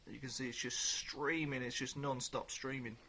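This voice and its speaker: A man's voice: medium pitch, steady tone, moderate pace, bright, forceful tone. A man talking casually through a beer review, rambling a little and full of ums. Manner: chatty and rambling, with many ums.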